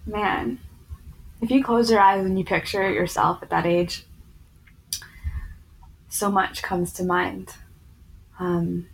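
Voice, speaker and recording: 30ish woman, yoga teacher, talking earnestly and thoughtfully, says "like" a lot, mid pitch, faint noise. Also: fairly even intonation, slow, vocal fry, long pauses, rough recording. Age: 30s. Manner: earnest, reflective, lots of "like" fillers. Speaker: yoga teacher in addiction recovery; interview guest. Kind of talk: personal storytelling in conversation.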